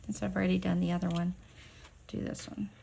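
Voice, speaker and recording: A middle-aged woman chatting casually at home while doing nail art, rambling and dropping into soft whispers as she works. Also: fairly low pitch, level tone, a little fast, vocal fry, noisy background. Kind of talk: casual chat while stamping nails.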